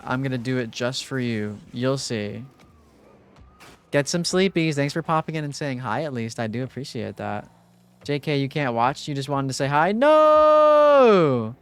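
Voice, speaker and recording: A young man streaming live, chatting casually with his viewers in a relaxed, rambling way, full of fillers. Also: mid-range voice, moderate pace, smooth. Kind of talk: casual livestream chat with viewers.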